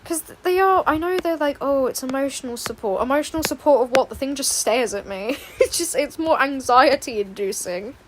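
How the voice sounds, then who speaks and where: Chatty high-voiced young woman streamer. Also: expressive, a little fast, few pauses, slight background noise. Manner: rambling, chatty, laughing asides. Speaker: streamer and artist. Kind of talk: casual chat while drawing. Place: home room, indoors.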